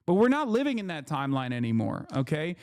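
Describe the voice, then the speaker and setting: A man's voice: a little high, huge pitch swings, fast, darkish tone, clear, resonant tone, no echo, studio quality. A man ranting sarcastically and with profanity as a political commentator on a casual livestream. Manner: heated, profane, sarcastic rant.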